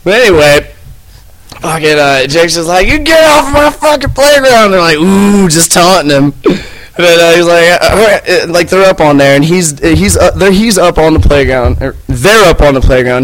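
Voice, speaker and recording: A man spins a profane story in loose, casual chat and keeps breaking into laughter. His voice sits a little high for a man, and he acts out the people in the story. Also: fairly bright tone, low-quality recording. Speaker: podcast co-host.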